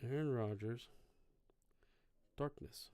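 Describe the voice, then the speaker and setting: A man's voice: medium pitch, takes it slowly, mellow, no echo. A man co-hosting a casual podcast, chatting and reading out details in a dry way. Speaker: podcast co-host. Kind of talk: casual chat.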